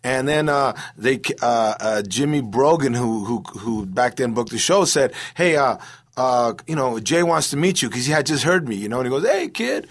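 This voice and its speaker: A man's voice: medium pitch, normal speed. A middle-aged man, a comedian, telling stories in a loose, rambling way, full of "bro" and "you know". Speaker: comedian guest. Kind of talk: casual storytelling interview.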